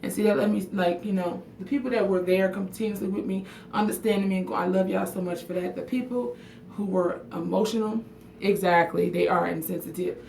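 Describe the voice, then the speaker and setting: This livestream vlogger talks casually from her bathroom at home, frank, emotional and freely profane, replying to viewers' comments by name. Her mid-range voice is creaky and darkish, a little fast, with fairly even intonation. Distant, echoey room audio carries a little hiss or hum.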